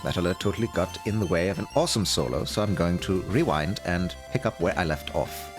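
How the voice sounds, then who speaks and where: A man voicing an easygoing male submarine gunner with a put-on German accent, a bit lower than his own voice. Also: a little fast, natural voice. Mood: laid-back. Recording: game music underneath.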